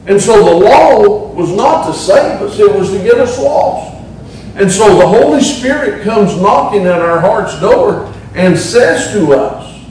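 A man's voice: sits high, darkish tone, slight background noise. A middle-aged man with a Southern Appalachian accent preaching a sermon as pastor, folksy and humorous, drawing out words for emphasis. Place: church sanctuary. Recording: echoey church, mic at a distance.

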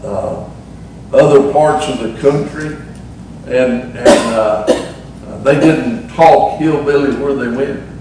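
A man's voice: mid-range voice, slow pace, darkish tone, a little hiss or hum. A middle-aged man with a Southern Appalachian accent preaching a sermon as pastor, folksy and humorous, drawing out words for emphasis. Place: church sanctuary. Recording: echoey church, mic at a distance.

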